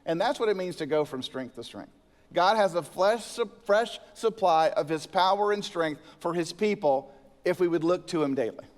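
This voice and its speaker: A male senior pastor delivers a sermon in a slightly high voice. He moves between scripture and storytelling and presses hard on key words. The sound carries a long church-hall reverb. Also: normal speed. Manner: storytelling preacher with a joke, animated emphasis.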